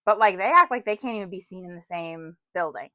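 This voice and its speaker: A woman's voice: fairly low pitch, a little fast, sharp tone. Woman booktuber, casual and chatty, pokes fun at herself, filler-heavy home chat. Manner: chatty and self-deprecating, lots of "like".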